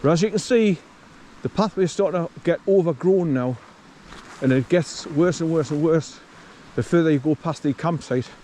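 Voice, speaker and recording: This middle-aged man from northeast England speaks with a Geordie accent as he vlogs on a country path outdoors, chatting in a rambling way and addressing his dog. His voice sits on the high side and is mellow, at normal speed, with a little hiss or hum.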